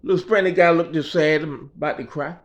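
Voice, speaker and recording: A man's voice: a little high, fairly even intonation, quick pace, dull audio. A man telling a story in a casual rant, emphatic and profane, in street vernacular. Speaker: vlogger.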